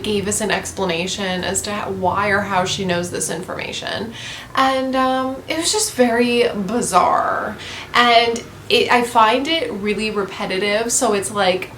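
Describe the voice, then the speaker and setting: A woman's voice: medium pitch, fairly bright tone, slight background noise. A woman vlogging book reviews in a casual, blunt way, swearing often and full of fillers.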